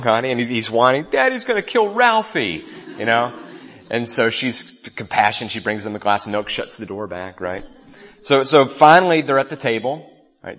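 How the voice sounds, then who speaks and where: A man's voice: medium pitch, fairly bright tone. A man preaching a sermon as a pastor, telling a story in a conversational way and speaking straight to his listeners. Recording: long reverb of a large hall.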